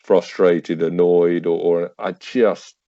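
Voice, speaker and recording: Man, 50s, podcast guest and ex-soldier; low voice, halting, wry storyteller who acts out conversations; dry, dull-sounding mic. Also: flat delivery, warm tone, dry recording. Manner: acts out remembered dialogue, wry, with hesitant fillers and restarts. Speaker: podcast guest, army veteran. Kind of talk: casual anecdotal storytelling.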